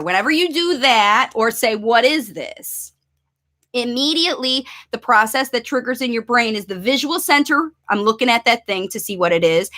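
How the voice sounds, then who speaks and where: In an instructional video, a woman with a voice on the high side coaches parents through a play demonstration, acting out excited voices for a child.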